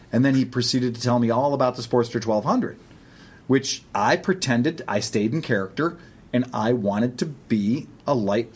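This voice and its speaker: Male podcast host with a husky voice and animated delivery, casual and profane. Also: mid-range voice, normal speed. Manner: animated storyteller, swears freely. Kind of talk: casual chat.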